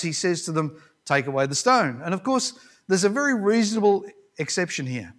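A man preaching a sermon with a slightly higher voice than most men. He talks in a conversational, reflective way and retells a scripture story with the odd restart. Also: a bit bright.

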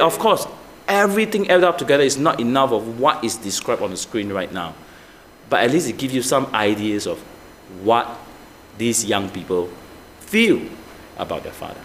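A man's voice: medium pitch, fairly bright tone, slight background noise. A man preaching a sermon as pastor, asking the congregation many rhetorical questions.

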